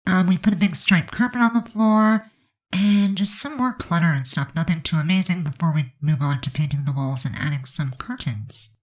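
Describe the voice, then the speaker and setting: A woman's voice: on the low side, fairly quick, low-quality recording. A woman with a stuffed-up, congested voice giving a chatty, rambling voice-over commentary on a game build. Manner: chatty, rambling, many fillers.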